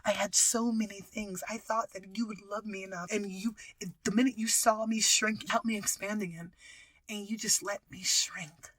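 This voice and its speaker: A woman voicing a hushed, grieving wife. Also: medium pitch, steady tone, moderate pace, no room sound, lightly acted. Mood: hurt. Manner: hushed, often whispered. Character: grieving woman finding her freedom.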